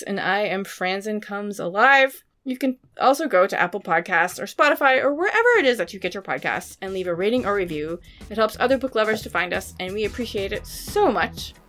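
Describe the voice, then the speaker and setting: A woman's voice: medium pitch, fairly bright tone. A woman co-hosting a book podcast in a casual, enthusiastic chat. She peppers her talk with "like" and sounds a little under the weather. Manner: chatty, enthusiastic, fillers like "like". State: sick. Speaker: podcast co-host.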